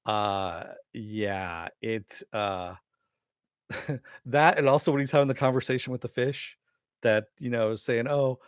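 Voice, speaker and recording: A man's voice: mid-range voice, measured pace, clean tone, no echo. Laughing, rambling male reviewer. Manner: rambling and laughing, with cursing and quoted lines. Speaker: host reviewing animated episodes. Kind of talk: casual spoken review.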